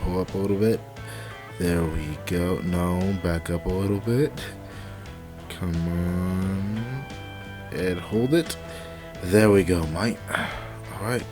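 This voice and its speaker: A young man quietly commenting on a truck driving game at home at night, rambling with lots of fillers and restarts on a cheap desk microphone. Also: low voice, slow, long pauses, music in the background. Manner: hushed, quiet talking to avoid waking family. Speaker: let's play gamer. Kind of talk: casual gameplay commentary.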